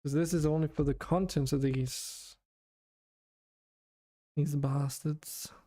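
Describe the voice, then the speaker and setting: A worn-out man talks to himself in a flat, monotone way while he pokes at his game's code. His voice is mellow and soft-edged, steady and unhurried. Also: a little high. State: exhausted. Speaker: game developer streamer. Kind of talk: thinking aloud while coding.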